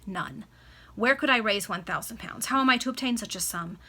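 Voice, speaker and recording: A woman's voice: a little high, fairly quick, sharp tone. A woman reading as a distraught noble wife. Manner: trembling, pleading. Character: distraught aristocratic wife, frightened and pleading. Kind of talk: amateur read-aloud. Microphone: video call.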